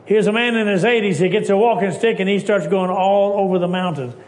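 A preacher from Texas, telling stories in an emphatic sermon that swings between hushed lines and loud ones. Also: male voice, sits high, fairly quick.

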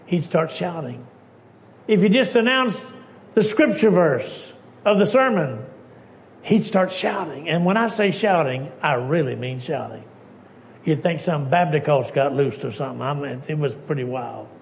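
A preacher from Texas, telling stories in an emphatic sermon that swings between hushed lines and loud ones. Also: male voice, a little high, lively intonation, moderate pace, vocal fry, a little hiss or hum.

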